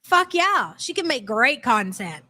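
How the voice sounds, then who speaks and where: A woman's voice: sits high, big pitch swings, unhurried, bright, forceful tone. A woman hosting a live reaction stream, talking bluntly and mockingly with plenty of profanity. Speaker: commentary channel host.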